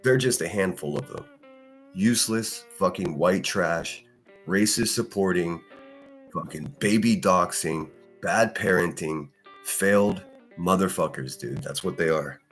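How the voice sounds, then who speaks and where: A man's voice: low voice, measured pace, fairly bright tone, soft background music. A man hosting a solo live stream, ranting with heavy profanity and answering chat comments. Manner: profane, heated, combative. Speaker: live-stream podcast host.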